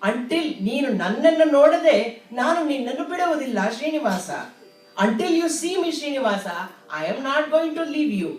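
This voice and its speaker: A woman's voice: high voice, lively intonation, rapid-fire, roomy sound, recorded from a distance, pitched above the performer's own voice. A woman doing a poor pleading Brahmin. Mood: insistent. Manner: pleading, gently insistent. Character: poor old male Brahmin beggar, a god in disguise.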